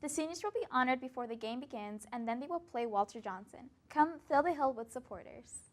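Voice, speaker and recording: Teen girl anchor, high-pitched, upbeat school-news host. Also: expressive, fairly quick. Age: teens.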